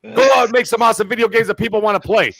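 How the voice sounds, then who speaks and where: A man putting on a crude, brash loudmouth character, ranting and boasting in an improvised comedy bit. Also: high-pitched, fairly even intonation, racing, gravelly, no room sound, exaggerated voice.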